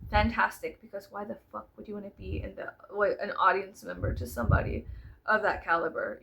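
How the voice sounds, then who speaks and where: A woman in her thirties talking straight to the camera in a casual monologue, blunt and profane, going quiet and then loud. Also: mid-range voice, gravelly, noisy background. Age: 30s. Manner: blunt and profane, swinging between soft and loud. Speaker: vlogger.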